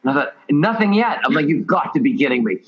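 Fast-talking man telling a story. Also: medium pitch, gravelly, breathy edge. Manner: rambling, self-correcting, lively storyteller. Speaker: interview guest, performer. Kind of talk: casual storytelling. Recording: dull lo-fi audio.

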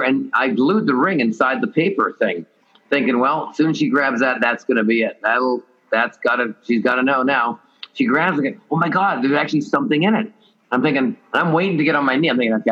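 Fast-talking man telling a story. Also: medium pitch. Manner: rambling, self-correcting, lively storyteller. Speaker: interview guest, performer. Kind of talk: casual storytelling. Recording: dull lo-fi audio.

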